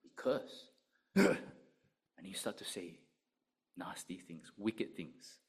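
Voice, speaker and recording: A man preaching a sermon, asking rhetorical questions and swinging between loud emphasis and quiet, low asides. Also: very slow, slightly rough. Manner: animated, rhetorical questions, rises and drops sharply in volume.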